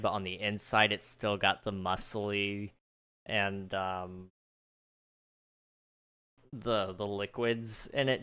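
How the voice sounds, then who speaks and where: A man's voice: lowish voice, pushed and bright, clear, resonant tone. A man streaming a game, chatting casually with a rambling, morbid, joking manner and thinking aloud. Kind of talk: casual livestream chat while gaming.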